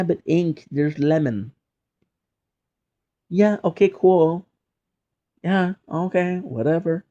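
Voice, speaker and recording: A man's voice: fairly high pitch, dark tone, lo-fi sound. A young man streaming live, chatting casually with viewers in a playful, teasing way, often repeating phrases in mock outrage. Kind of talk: casual chat.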